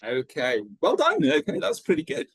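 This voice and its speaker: Lively male teacher trainer, husky voice. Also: fairly high pitch, normal speed, no room sound. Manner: lively, checks in with frequent "okay". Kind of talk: online training lesson.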